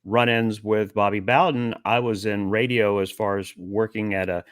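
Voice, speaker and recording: A man co-hosting a sports radio show, recalling old games and coaches in an earnest, halting way. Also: lowish voice, steady tone, dry recording, studio quality. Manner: earnest, reminiscing, with filler pauses. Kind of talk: casual sports talk.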